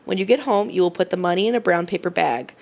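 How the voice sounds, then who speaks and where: Menacing kidnapper reading a ransom note, a woman putting it on, slow and deliberate, bit gravelly. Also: lowish voice, a little mellow. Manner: slow, deliberate, mock-foreign delivery.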